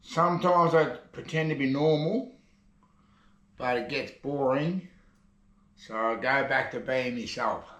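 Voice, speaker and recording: A man's voice: medium pitch, unhurried, long pauses, a bit bright, roomy sound. An Australian man telling jokes in a rambling, chatty way as a casual comedy vlogger. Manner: rambling, chatty joke delivery. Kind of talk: casual joke telling to camera. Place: shed.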